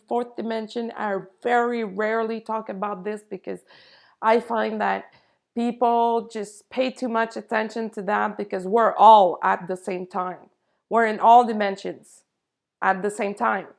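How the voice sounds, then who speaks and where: A woman giving an earnest spiritual talk to camera, in unhurried, drawn-out phrases. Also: mid-range voice, fairly even intonation, gravelly. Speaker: spiritual channel host. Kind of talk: slow spiritual monologue to camera.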